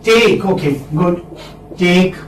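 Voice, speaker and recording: A man with an Indian accent teaching a phonetics class, repeating each word slowly and checking in with a questioning "hmm?". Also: high-pitched. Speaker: English literature lecturer. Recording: echoey room, distant mic, faint hiss.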